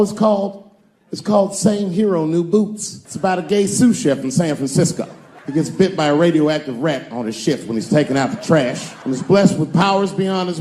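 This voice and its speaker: A man doing a stand-up comedy set, telling loose stories and breaking into sudden shouts before a laughing crowd. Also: high voice, long reverb tail, slight background noise. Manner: loose, animated storytelling with sudden shouts and put-on voices. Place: stage before a laughing audience.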